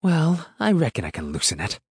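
A man's voice: on the high side, wildly swooping pitch, brisk, darkish tone, breathy edge, dry recording, studio quality, pitched above the performer's own voice, heavily acted. Man voicing a harsh farm woman. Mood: menacing. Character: coarse hostile middle-aged farm woman.

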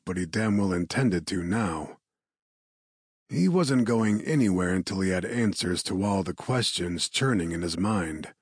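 A man reading a dark paranormal romance as an audiobook narrator, in a measured, steady storytelling delivery. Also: deep voice, husky, no echo, clean studio sound.

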